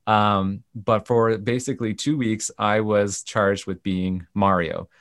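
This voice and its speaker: A man with a low-pitched voice tells stories in an interview, jumping into lively quoted voices as he goes. The recording is dry and close, with no room sound. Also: slow, dry recording. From Canada. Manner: animated retelling with quoted voices. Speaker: guest, camp CEO. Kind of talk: storytelling in a podcast interview.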